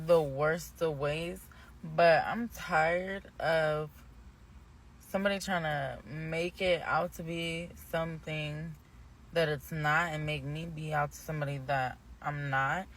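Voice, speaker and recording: A young woman vlogging, telling a personal story in a rambling, candid way, often indignant. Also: low voice. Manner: grows heated and indignant. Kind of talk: casual storytime monologue.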